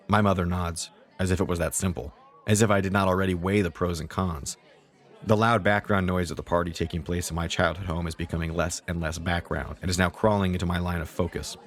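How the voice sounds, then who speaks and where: A man hosting and narrating a first-person short story in a measured, wry way. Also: sits low, some chatter behind. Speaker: host and storyteller.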